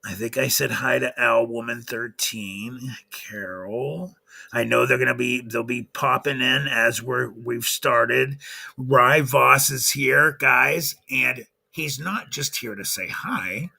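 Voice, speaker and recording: A man's voice: mid-range voice, fairly even intonation, slow pace, vocal fry, sharp tone, breathy edge. A man hosting a livestream in a casual chatty way, greeting viewers by name one after another. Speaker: livestream host.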